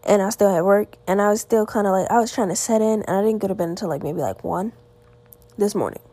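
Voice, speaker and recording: A woman's voice: mid-range voice, fast talker, warm tone, no room sound. Tired teen girl hosting a podcast. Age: teens. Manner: rambling, many "like" fillers and restarts. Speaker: podcast host. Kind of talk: casual solo podcast chat. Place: at home.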